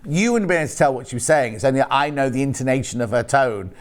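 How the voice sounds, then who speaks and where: A man's voice: mid-range voice, lively intonation, quick pace. A man presenting on a live shopping channel, chatting and teasing while reading out prices and product codes. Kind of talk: live TV sales chat. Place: TV studio. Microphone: earpiece and studio mic.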